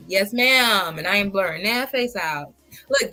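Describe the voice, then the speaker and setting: A woman's voice: medium pitch, expressive, normal speed, bright, forceful tone, faint music behind. A woman hosting a reaction channel, trading blunt, sassy trash talk with plenty of laughs. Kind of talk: casual reaction commentary.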